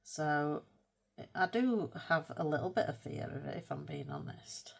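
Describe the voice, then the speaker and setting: Woman, low voice, slow, chatty, rambling, self-mocking, soft murmuring, art video host. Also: huge pitch swings, gravelly. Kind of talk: casual colour-with-me chat.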